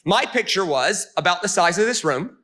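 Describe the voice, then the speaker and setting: A male pastor telling a Bible story in a lively, comic sermon before an audience. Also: high voice, normal speed. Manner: animated, comic, punchy. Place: meeting room before an audience.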